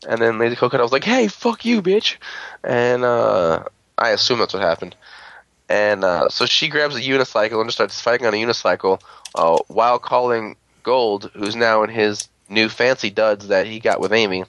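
A man's voice: on the low side, fairly quick, fairly bright tone, no echo, dull audio. A man on a podcast recapping a show episode in a rambling, crude casual way, full of fillers and quoted lines. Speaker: podcast host.

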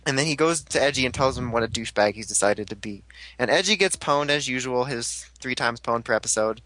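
A young man hosting a casual podcast, recapping an episode with jokes and quick character impressions. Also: mid-range voice, sharp tone, dry recording. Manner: jokey, quick voice impressions of characters, laughs a lot. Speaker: podcast host recapping a show.

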